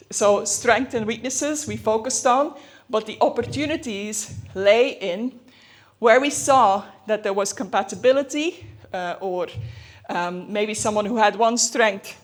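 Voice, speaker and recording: A woman giving a conference presentation in a hurried, chatty way, full of fillers and self-aware asides. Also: a little high. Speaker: conference speaker. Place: conference hall.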